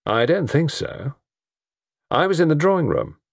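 A man voicing a calm, wry man of thirty-five in a storybook reading. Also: fairly high pitch, a little slow, creaky, no room sound, studio quality, voice pushed up, exaggerated voice.

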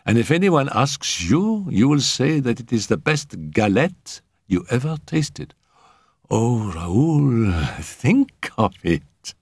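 A man reading a story aloud, voicing an excitable, scheming young French girl in a raised, eager voice. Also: mid-range voice, unhurried, hardly any pauses, dry recording, clean studio sound, pitched above the performer's own voice.

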